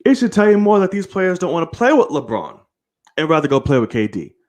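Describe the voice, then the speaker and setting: Male sports-stream host, lively swinging delivery, heated and profane. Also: fairly high pitch, brisk. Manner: animated, profane, heated opinions; addresses viewers directly. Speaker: host of a live sports show. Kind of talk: live-streamed sports rant.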